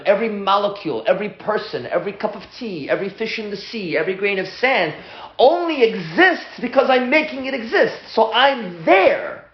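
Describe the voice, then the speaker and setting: A man teaching a lively class as a rabbi at a whiteboard, excitable and often stopping to restart his sentences. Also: sits high, echoey room, highs cut off. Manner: excitable, self-interrupting, stumbles over restarts.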